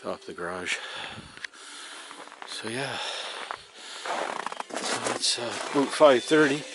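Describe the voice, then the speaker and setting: This homesteading vlogger from Northern Ontario, Canada, speaks with a medium-pitched, lively voice at a slow pace, with background noise in the recording. In a folksy, chatty manner and a Canadian Ontario accent, he narrates casually while doing chores and cooking in his garage and frosty yard on a rural farm.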